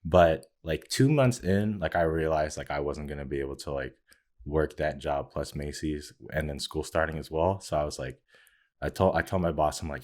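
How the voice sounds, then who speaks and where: A man's voice: rumbling low, normal speed. A young man in his twenties, a podcast co-host, telling a long story in casual chat, acting out quoted lines and filling his talk with "like". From Filipino heritage. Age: 20s. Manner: animated storyteller, acts out quotes with many fillers.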